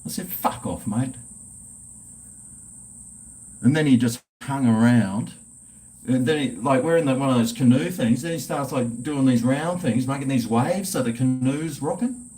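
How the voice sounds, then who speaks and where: A man's voice: medium pitch, normal speed, dark tone. A man hosting a casual livestream chat, laid-back and swearing freely while drinking. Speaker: livestream host.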